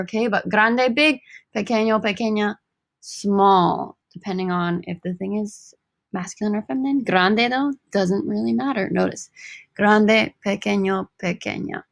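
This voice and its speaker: A woman teaches a recorded Spanish lesson in an upbeat, joking way, saying each word slowly and more than once. Her voice has a gravelly, fried edge. The sound is dry and close, with no room around it. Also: mid-range voice, no room sound.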